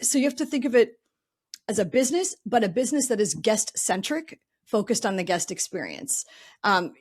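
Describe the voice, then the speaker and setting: A woman's voice: mid-range voice, animated, moderate pace, darkish tone, slightly rough. A middle-aged woman speaking as a guest in a casual podcast interview, chatty and thinking aloud with plenty of filler words. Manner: chatty, lots of "um" and "you know", thinks aloud. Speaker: podcast guest, real estate investor.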